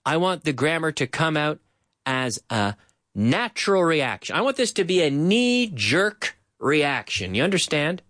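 Lively man drilling English phrases. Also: on the high side, no room sound, clean studio sound. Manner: drills phrases by repeating them slowly; switches between English and Spanish. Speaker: English teacher. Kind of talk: live-streamed language lesson.

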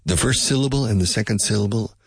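A man's voice: fairly low pitch, fast, gravelly, breathy edge, no room sound, studio quality. A man teaching English in a casual spoken lesson, musing and speculating aloud and drilling pronunciation by repetition.

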